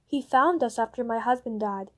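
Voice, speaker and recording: A woman reading the lines of a timid young mother, who speaks quietly and guardedly. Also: on the high side, normal speed, close to an everyday voice.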